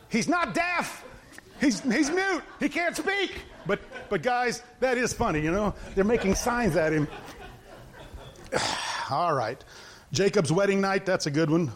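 Middle-aged male preacher, lively high voice, informal storytelling sermon. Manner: animated storytelling, acting out the characters and laughing.

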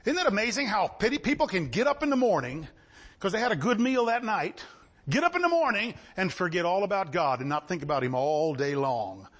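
A man delivers a fiery sermon. His voice sits high and leaps around in pitch, rising to shouts and then sinking into quiet, wry asides. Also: very animated, fairly quick. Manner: impassioned, swinging between shouts and low asides. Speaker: preacher.

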